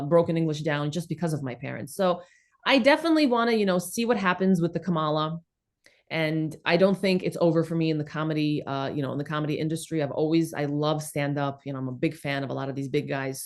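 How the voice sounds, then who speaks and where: A woman in her thirties with a New York accent, originally from the former Soviet Union, chatting as an interview guest in an animated, emphatic, blunt way. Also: deep voice. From former Soviet Union, raised in New York City. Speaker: guest, comedian and content creator. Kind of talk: casual interview chat.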